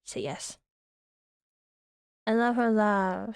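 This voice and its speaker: A woman's voice: medium pitch, steady tone, a little slow, pauses often, a little mellow, smooth, no echo, clean studio sound. A young woman streaming casually, giggly and tender, who swears offhandedly. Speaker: VTuber streamer.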